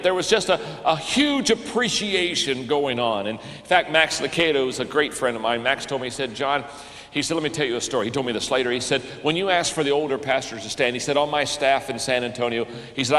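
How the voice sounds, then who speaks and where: A man's voice: a little high, a bit bright. An older man preaching as a pastor, telling a story in an earnest manner and repeating phrases when stirred. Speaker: pastor and leadership speaker. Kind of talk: storytelling sermon talk. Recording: long hall reverb.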